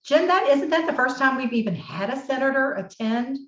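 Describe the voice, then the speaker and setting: A woman's voice: sits high, animated, fairly quick. A woman hosting a live online chat, inviting the audience to share their thoughts. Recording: roomy, dull call audio.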